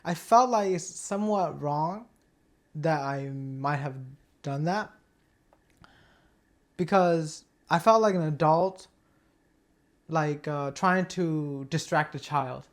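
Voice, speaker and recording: A man, an acting student, sharing a personal memory in class, halting and hesitant with many restarts. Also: on the high side.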